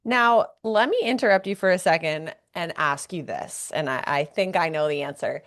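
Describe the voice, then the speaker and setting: A woman's voice: fairly low pitch, normal speed, a bit bright. Woman podcast host; curious, chatty, rambling questions. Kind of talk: conversational podcast interview.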